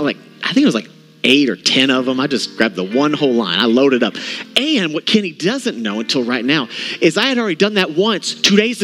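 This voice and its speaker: A male pastor preaching with a lively, swooping delivery and a bright, forceful tone. He tells a self-mocking story and acts out the voices in it. Faint music sits under the service. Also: mid-range voice. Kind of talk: humorous storytelling sermon. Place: church service.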